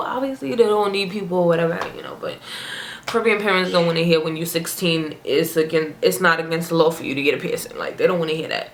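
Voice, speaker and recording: A young woman, a vlogger, telling a casual, animated storytime in slangy everyday speech. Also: fairly low pitch, quick pace, a little hiss or hum. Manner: chatty, animated, slangy storyteller who breaks into character voices. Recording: roomy echo, faint ambience.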